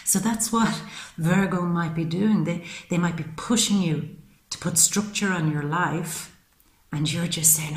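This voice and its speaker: A woman with a fairly low voice delivers a monthly tarot reading in a chatty, affectionate way, often calling her listeners "baby." She sometimes acts out the voices of the people she talks about. The sound bounces around an echoey room. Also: a little slow. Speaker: tarot reader.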